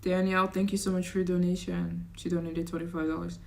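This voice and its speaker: A woman chats loosely on her travel livestream, reading out donations and answering viewers. Her voice sits a little on the low side, and she talks in an easy, rambling way. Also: level tone, quick pace, vocal fry. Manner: chatty, reads donations aloud, rambling asides; slips into a put-on accent at times. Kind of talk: casual livestream chat.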